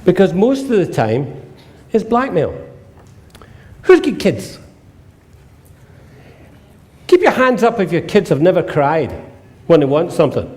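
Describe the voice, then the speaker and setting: A man's voice: high voice, big pitch swings, moderate pace, long pauses, darkish tone. A man, giving a humorous seminar talk to a live audience as the presenter. He tells jokey stories and acts out the dialogue in them.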